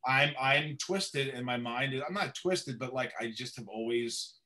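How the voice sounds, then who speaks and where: Middle-aged male actor guest, bright and lively, a storyteller who voices the people he quotes. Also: mid-range voice, measured pace. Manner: animated, acts out quoted voices. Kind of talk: casual interview storytelling.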